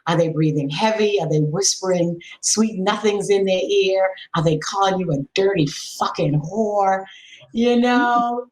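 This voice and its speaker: A middle-aged woman speaking as a podcast guest and sex educator, frank and animated, coaching listeners with a string of rhetorical questions. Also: mid-range voice, a little slow, echoey room, poor audio. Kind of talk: podcast conversation.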